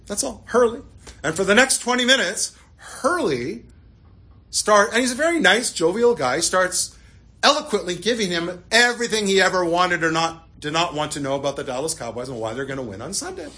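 Rabbi giving a sermon through a story; bright, sharp voice, animated, sinks to a hush. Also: male voice, sits high, brisk. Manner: animated storytelling, drops to hushed tones.

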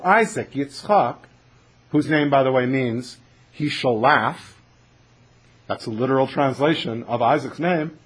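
Husky, animated male teacher. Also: on the high side, rough recording. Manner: animated, questioning storyteller. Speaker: teacher of a religious class. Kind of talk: Torah class lecture with storytelling.

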